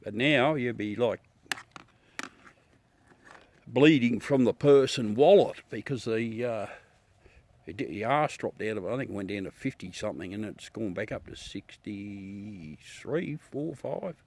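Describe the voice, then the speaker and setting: A man's voice: fairly low pitch, expressive, unhurried, darkish tone. An Australian man livestreaming outdoors at night, rambling chattily to his viewers through a smartphone. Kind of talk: casual live chat.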